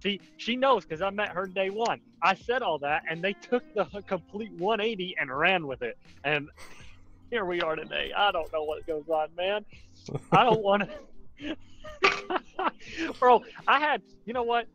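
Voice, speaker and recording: A man's voice: sits high, expressive, a little slow, pauses often, bright, forceful tone, faint music behind. A man from the Carolinas with a mild Southern accent, a podcast guest rambling through exasperated stories with frequent laughs. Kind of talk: casual chat. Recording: dull lo-fi voice chat audio.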